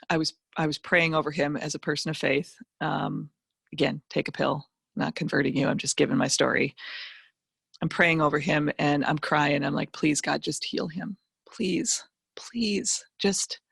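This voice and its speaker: A middle-aged woman, a financial educator appearing as a guest speaker, tells a personal motivational story with emphatic, animated delivery and vivid asides. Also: deep voice, normal speed, creaky, husky, no room sound, studio quality.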